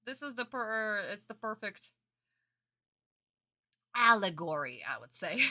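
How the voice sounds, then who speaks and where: In a mid-range, sing-song voice that's bright and forceful, a young adult woman streamer speaks slowly as she reacts to a cartoon episode. She answers viewer comments casually and calls everyone sweeties and honey.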